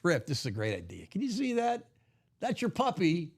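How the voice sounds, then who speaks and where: A man hosting a live card break stream, upbeat and jokey, reading out names and spots quickly. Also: high-pitched, huge pitch swings, slightly rough.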